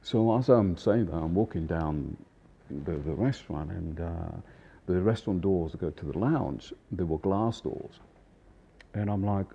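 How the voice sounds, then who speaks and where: Husky low-voiced guy in his 50s telling a wild story, animated, kinda muffled audio. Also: a little slow. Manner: animated, acts out voices, laughs often. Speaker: chef and storyteller. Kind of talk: casual anecdote telling.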